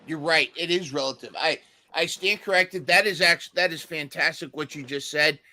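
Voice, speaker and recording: A man's voice: fairly high pitch, moderate pace, pushed and bright. A man hosting a podcast interview, supportive, often repeating words as he starts a thought. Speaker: podcast host.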